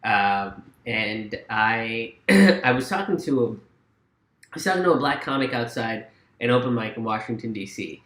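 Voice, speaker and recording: A man's voice: mid-range voice, animated, unhurried, fairly bright tone, roomy sound. A man who is a comedian and immigrant, telling stories in a casual political chat and laughing between lines. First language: not English. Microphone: video call.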